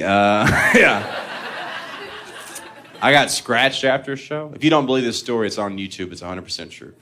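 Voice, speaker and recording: A man's voice: medium pitch, normal speed, long pauses, pushed and bright, slight background noise. A man doing a stand-up comedy set, telling profane, self-deprecating stories and chuckling at his own lines.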